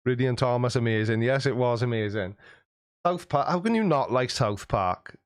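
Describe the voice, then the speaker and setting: A man hosts a live stream and reads viewer comments in a cheeky, joking way, laughing often. His pitch sits mid-range, and the sound is dry and close, with no room echo. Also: moderate pace, clear, resonant tone. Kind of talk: casual chat reading out viewer comments.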